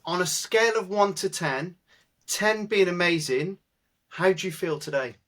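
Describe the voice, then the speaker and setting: A man's voice: high-pitched, lively intonation, unhurried, fairly bright tone. A man hosting a podcast, introducing and interviewing a guest in an upbeat, playful, self-mocking way. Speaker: podcast host.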